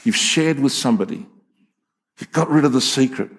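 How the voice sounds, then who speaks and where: A man's voice: mid-range voice, normal speed, slightly rough. A man, preaching a sermon in a folksy, emphatic storytelling way with frequent restarts. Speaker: pastor.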